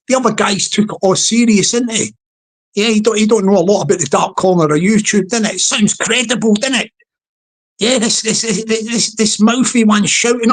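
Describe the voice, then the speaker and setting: Speaking at a moderate pace in a slightly high voice, the channel's host rambles casually to camera. She keeps up a chatty, mocking tone, laughing often and saying words over again.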